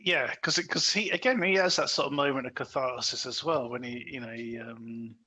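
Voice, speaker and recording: A man talks through a film in a casual podcast chat. His voice is bright and a little husky, and he keeps restarting sentences and filling gaps with "um" and "you know". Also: medium pitch, a little fast, rough recording. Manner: chatty, many fillers and restarts, acts out quoted lines. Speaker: podcast co-host.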